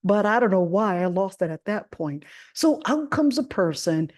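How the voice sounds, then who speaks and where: Woman, American accent, religious teacher, conversational, frequent fillers, lowish voice, dry close sound. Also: normal speed, few pauses, dry recording. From Jordan. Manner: conversational, many "of course" fillers; animated when retelling the story. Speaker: Quran teacher. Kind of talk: religious lesson with a personal story.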